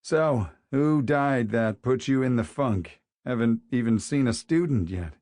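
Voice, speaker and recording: Man putting on a teasing male teacher, mocking and jokey, raised lively pitch, dry close sound, audiobook figure. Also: measured pace, no echo, close to an everyday voice. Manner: mocking, joking. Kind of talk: audiobook character voice.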